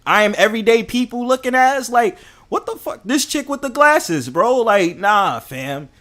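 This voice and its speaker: A young man with a New York accent, ranting in a casual, profane and animated way to his live chat. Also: very high-pitched, moderate pace. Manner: profane, animated, heated and joking. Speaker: host.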